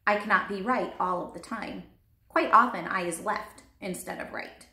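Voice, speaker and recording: Using a mid-range, pushed and bright voice at a moderate pace, a woman plays a big, friendly male giant who bumbles through made-up words with a folksy lilt. It's read aloud in a roomy space with noticeable echo.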